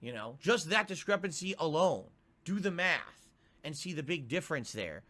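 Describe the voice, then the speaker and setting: A man's voice: fairly high pitch, very animated, moderate pace, sharp tone. A male streamer talking to his chat in an emphatic, self-justifying way.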